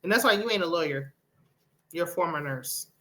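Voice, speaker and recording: Woman doing a reality show review, bright voice, sassy and opinionated, talking back at the screen. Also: on the low side, lively intonation, brisk. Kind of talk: casual commentary.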